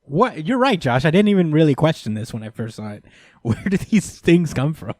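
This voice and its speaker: A man's voice: a little high, sing-song, normal speed, a little mellow, no room sound, studio quality. A man hosting a podcast in casual chat, easygoing and agreeable, with lots of fillers. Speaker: podcast host.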